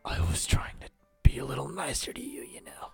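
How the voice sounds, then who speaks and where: A man's voice: high voice, lively intonation, pushed and bright, soft background music, exaggerated voice. A man voicing a feisty, prickly teenage girl in a visual novel, reading her lines in a bratty, teasing way. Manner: bratty, teasing, quick to snap back.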